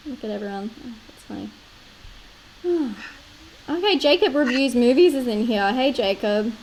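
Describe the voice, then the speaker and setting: Late-twenties Australian woman, giggly and chatty streamer, bright higher voice. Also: moderate pace, slight background noise, low-quality recording. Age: 20s. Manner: chatty, laughs often, many likes and fillers. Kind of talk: casual live-stream chat.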